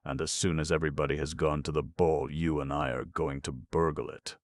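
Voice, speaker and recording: A man's voice: rumbling low, fairly even intonation, fairly quick, no echo. A man voicing an earnest, impatient young woman in an audiobook, speaking in a clipped, insistent way.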